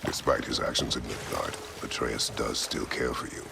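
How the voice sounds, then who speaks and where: An actor playing a stern, terse warrior god and father in a video game, speaking in short, clipped sentences with a gravelly voice. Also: very deep voice, normal speed, background noise, heavily acted.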